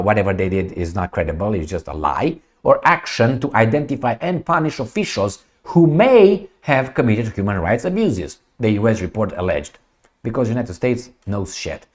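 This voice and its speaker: A man giving blunt, sarcastic, profane commentary as he reads a news article aloud. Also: mid-range voice. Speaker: political commentator.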